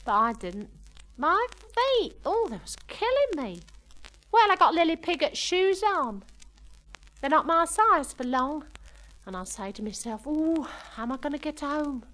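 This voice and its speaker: Lady doing a chatty working-class girl, slangy "i says, we done" talk, kinda high voice. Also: very animated, measured pace, a bit bright, heavily acted, poor audio. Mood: gossipy. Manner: ungrammatical cockney-style chatter, "we done", "I says". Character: chatty young working-class woman telling of a dance. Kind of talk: comic monologue.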